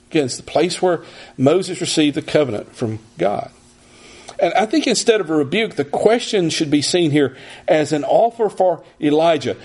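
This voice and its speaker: A man giving an expository sermon, teaching in a measured way and often restarting his phrases. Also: on the high side, darkish tone, slightly rough.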